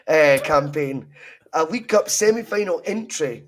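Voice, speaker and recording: A Scottish man co-hosting a podcast, talking football in a casual, opinionated and animated way, swearing freely. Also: on the high side, normal speed, a little hiss or hum. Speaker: podcast co-host.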